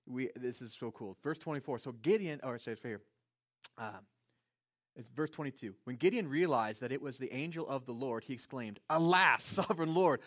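A man preaching a sermon in a conversational, animated way, voicing characters with playful asides. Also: a little high. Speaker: pastor.

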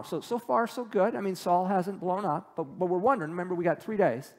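A man preaches in a casual, talkative way. He reads scripture, then breaks it down in plain words. His voice sits slightly high, and long reverb rings through the room. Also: fairly quick, hardly any pauses, darkish tone. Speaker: pastor. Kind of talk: sermon, Bible teaching.

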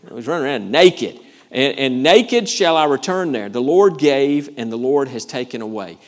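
A man's voice: medium pitch, animated, moderate pace. A male pastor delivers a sermon. He leans hard on key phrases, repeats them for weight, and checks in with the congregation with an "Amen?" now and then. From Georgia, USA. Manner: emphatic preaching with repeated phrases and calls of "Amen?".

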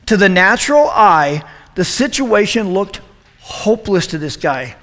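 A middle-aged man as youth pastor, giving an animated, joking sermon to a youth group and asking them questions. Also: high-pitched, a little slow, big-room sound.

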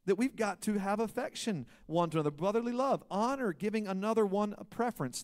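Animated preaching man with a lilt. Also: high-pitched, brisk, hardly any pauses. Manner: animated preaching, swings from loud to hushed. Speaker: pastor. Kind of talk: sermon.

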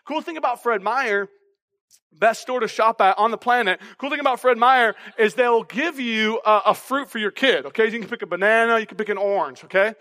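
A pastor, preaching a lively sermon and tagging his lines with "okay?" and "all right?". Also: very high-pitched, brisk, long reverb tail. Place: church auditorium.

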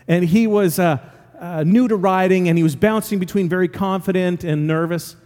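High-voiced preacher in a reverberant church. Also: male voice, normal speed, darkish tone. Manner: earnest storytelling with emphatic repetition. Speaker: pastor. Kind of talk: sermon. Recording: long reverb of a large hall.

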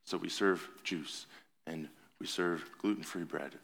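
A man's voice: low-pitched, measured pace, vocal fry, a bit bright, a little hiss or hum. A man as a pastor, preaching a conversational sermon in a church and rising to earnest emphasis on his key points. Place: church sanctuary.

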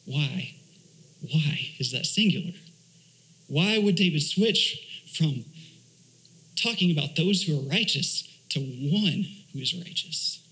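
A man's voice: on the high side, animated, takes it slowly, a bit bright, rough recording. Man preaching a sermon. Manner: asks rhetorical questions and reads scripture aloud; explains Hebrew words. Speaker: church elder teaching.

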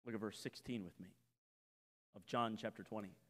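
A man preaching a sermon in a church, impassioned, swinging between loud emphatic runs and quiet low phrases. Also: steady tone, moderate pace. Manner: impassioned, rising and falling emphasis, repeated phrases. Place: church sanctuary. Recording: long church reverb.

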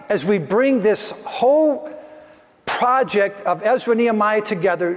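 A man preaching as a pastor, his voice pitched notably high for a man. He speaks earnestly and stacks repeated phrases to build each point. His words ring with the long reverb of a big church hall. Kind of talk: sermon.

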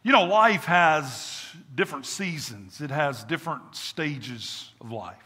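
Man, pastor, rhythmic repeating sermon delivery, high voice, echoey church hall. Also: animated, slow pace, sharp tone, breathy edge. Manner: preaching cadence, repeats words for emphasis, call and response. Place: church sanctuary with congregation.

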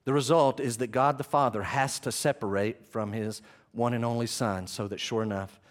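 A man preaching a sermon as pastor, swinging from loud impassioned passages to soft hushed ones, with self-deprecating asides as he reads from his notes. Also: mid-range voice, fairly even intonation, moderate pace.

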